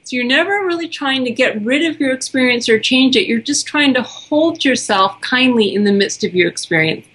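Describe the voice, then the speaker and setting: A woman guest explaining ideas calmly and gently in an interview. Her voice is somewhat high and noticeably husky and breathy. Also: normal speed, hardly any pauses. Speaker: guest expert on self-compassion.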